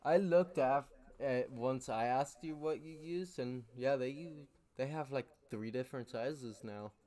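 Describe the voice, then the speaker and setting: A man in a mid-pitched voice hosts a casual voice chat. He sounds laid-back and mostly chimes in with short replies and quick directions. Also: warm tone.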